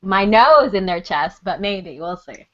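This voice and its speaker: A woman's voice: medium pitch, animated, unhurried, lo-fi sound, a crowd in the background. Playful teasing woman co-host. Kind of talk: casual livestream chat.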